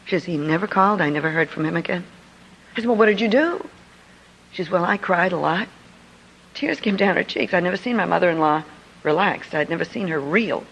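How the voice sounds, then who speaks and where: A middle-aged woman, an author and speaker, telling a personal story to an audience in an earnest, confiding way with lively emphasis. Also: lowish voice, a little fast, creaky, slight background noise, poor audio. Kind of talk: storytelling speech.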